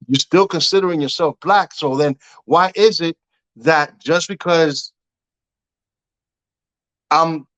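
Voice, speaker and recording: A middle-aged man tells stories in a relaxed interview, his voice sitting a little high. He gets animated and acts out the other voices in his stories, and he keeps checking in with "you know what I'm saying.". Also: slow, long pauses, low-quality recording. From Cuban heritage. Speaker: guest. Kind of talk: casual storytelling interview.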